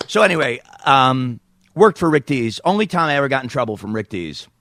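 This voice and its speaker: A man's voice: mid-range voice, brisk. Man telling comic stories on a podcast. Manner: animated, slips into voices and quotes. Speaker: podcast host. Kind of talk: comic storytelling.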